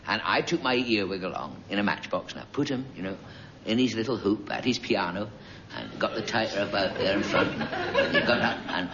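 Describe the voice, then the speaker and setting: A man's voice: on the low side, wildly swooping pitch, brisk, crowd noise. A man telling a rambling comic story, chatty and digressive, full of asides. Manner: digressive, chatty, peppered with 'you know'. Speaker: comedian. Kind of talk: rambling comic monologue on radio. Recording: dull lo-fi recording with loud noise.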